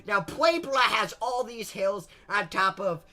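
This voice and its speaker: A man's voice: high voice, animated, unhurried, bright, forceful tone. A young man narrating history as a crude, rambling comedy bit, mocking and swearing as he goes. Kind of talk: comic history explainer.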